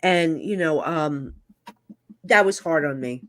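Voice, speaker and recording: A woman's voice: low-pitched, slow pace, a bit bright. A middle-aged woman, a psychic medium guest, telling emotional stories candidly in casual chat. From New Jersey. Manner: candid, emotional storytelling with frequent fillers.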